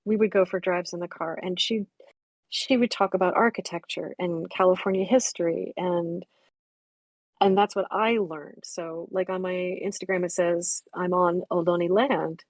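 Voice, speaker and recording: Woman, sixties, lower pitch, candid reminiscing, reflective, blunt, dry close sound. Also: steady tone, moderate pace, no echo. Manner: frank, reflective, swears bluntly. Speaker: memorial stream guest.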